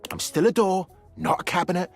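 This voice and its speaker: A touchy little door. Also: male voice, sits high, brisk, vocal fry, husky, soft background music, heavily acted. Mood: defensive. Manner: prickly, insistent. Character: small touchy defensive door.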